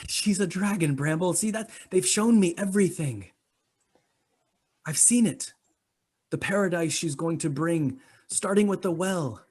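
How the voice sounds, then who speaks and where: A man's voice: mid-range voice, a little slow, long pauses, mellow, slightly rough. A man voicing a fervent young noblewoman, the sister of another character, who pleads and preaches with rising conviction during a tabletop game. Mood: zealous. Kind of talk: tabletop role-play acting.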